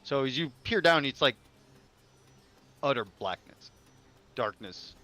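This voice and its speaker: A man's voice: mid-range voice, expressive, takes it slowly, sharp tone. A man narrating as game master of a tabletop game, talking loosely with many fillers and restarts.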